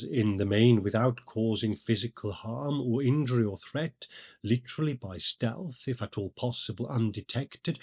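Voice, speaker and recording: A man hosting a poetry podcast, giving scripted literary commentary in a measured, deliberate way. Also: mid-range voice, breathy edge. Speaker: podcast host.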